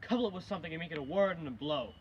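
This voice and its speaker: A young man, a student actor, reciting Shakespearean street-quarrel scenes in a quick exchange. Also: on the high side, natural voice. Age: young adult. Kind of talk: amateur Shakespeare scene acting. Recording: dull lo-fi recording with loud noise.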